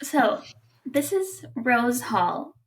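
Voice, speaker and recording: A woman's voice: a little high, big pitch swings, drawn-out words, breathy edge, low-quality recording. A young woman co-hosting a casual podcast, telling a spooky story with frequent giggles. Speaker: podcast co-host.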